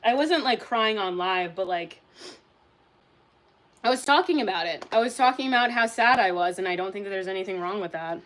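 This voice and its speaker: A woman's voice: mid-range voice, sing-song, a little fast, fairly bright tone. A young woman casually chatting on a livestream, reading out and answering chat, candid, swearing and laughing often.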